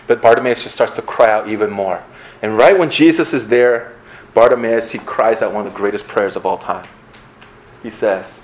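A male pastor giving a sermon in a conversational, earnest way, with an animated delivery. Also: on the low side, normal speed, slight background noise, poor audio.

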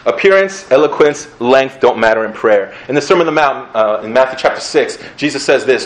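A male pastor giving a sermon in a conversational, earnest way, with an animated delivery. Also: medium pitch, a little fast, hardly any pauses, low-quality recording.

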